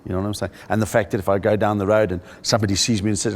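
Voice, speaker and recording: Middle-aged man, South African accent, fairly low voice, lively comic storytelling, interview. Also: rapid-fire, a little hiss or hum. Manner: animated storyteller, jumps into high-pitched voices for jokes. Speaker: stand-up comedian.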